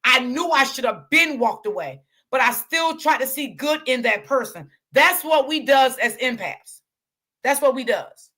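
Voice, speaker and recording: A woman's voice: sits high, lively intonation, a little slow, pushed and bright. A woman, hosting a casual chat to her viewers, repeating herself and calling them y'all. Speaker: online channel host.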